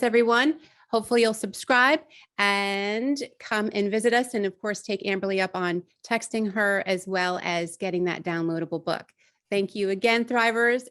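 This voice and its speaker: A woman's voice: medium pitch, fairly bright tone. A woman hosting a podcast, effusive and grateful as she praises her guest and wraps up the interview. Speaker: podcast host.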